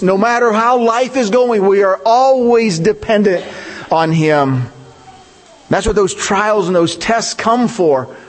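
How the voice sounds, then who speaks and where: A man's voice: high voice, long reverb tail. A male pastor preaching a conversational sermon, asking his listeners questions and leaning hard on key points. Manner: conversational, rhetorical questions, animated emphasis.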